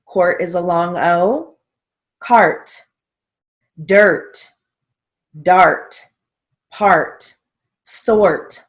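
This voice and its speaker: A woman walks students through a stenography theory lesson. She speaks slowly and carefully, in a slightly low voice, and spells out letters and key strokes one by one. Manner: slow, methodical, spells out letters and keys. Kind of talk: instructional lesson walkthrough.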